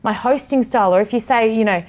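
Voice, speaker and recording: A woman's voice: on the high side, quick pace, darkish tone. A woman in her thirties who hosts a TV sports show, talking candidly and passionately in a casual podcast chat, swearing freely. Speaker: TV sports host, guest.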